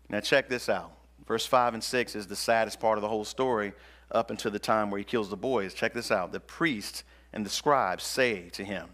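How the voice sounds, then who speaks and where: A man's voice: mid-range voice, a little fast, fairly bright tone. Emphatic, slangy male pastor preaching. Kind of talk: sermon.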